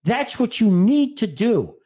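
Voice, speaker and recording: An older man, spinning a story in relaxed chat and slipping into other people's voices as he goes. His voice swings widely in pitch. The tone is dark and mellow. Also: measured pace, husky. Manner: animated storyteller, mimics an old Italian man. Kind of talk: casual chat.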